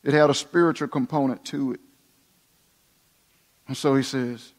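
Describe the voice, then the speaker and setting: A man preaching a sermon, dramatic, dropping to hushed tones and rising again for emphasis. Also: mid-range voice, fairly even intonation, moderate pace. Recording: long reverb of a large hall.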